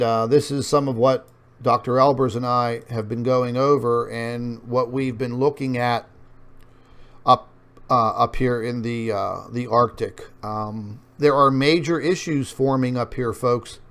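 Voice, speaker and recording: A man's voice: mid-range voice, fairly even intonation, slow pace. Guy rambling through his online show, talks over maps, tons of uhs, keeps saying folks. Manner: rambling, many fillers, addresses viewers as folks. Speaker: online news show host. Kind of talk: casual commentary over on-screen maps.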